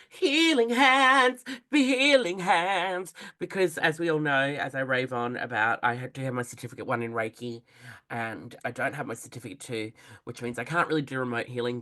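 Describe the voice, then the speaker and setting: Exuberant podcast host, bright voice. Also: medium pitch. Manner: exuberant, gushing, swears freely. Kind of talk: casual podcast chat.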